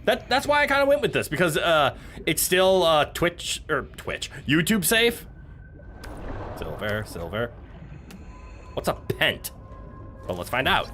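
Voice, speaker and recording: A man's voice: high voice, normal speed, a little hiss or hum. A man casually streaming a survival game, joking, swearing and chatting with viewers. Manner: animated and joking, swears, talks to chat and his pet.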